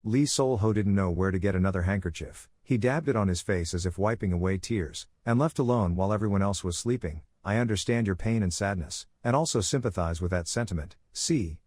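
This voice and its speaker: A man with a low voice narrates a comic story recap and reads each character's lines in his own voice. The sound is dry and close, with no room around it. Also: brisk, few pauses, a little mellow, dry recording.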